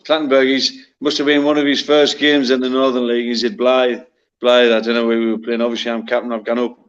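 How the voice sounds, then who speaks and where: A man spins football yarns in a blunt, heavily profane way. His pitch sits in the middle range. The recording is a little dull and lo-fi. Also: level tone, fast, slight background noise. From North East England. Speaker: former footballer telling stories. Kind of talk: casual chat. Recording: slightly muffled lo-fi sound.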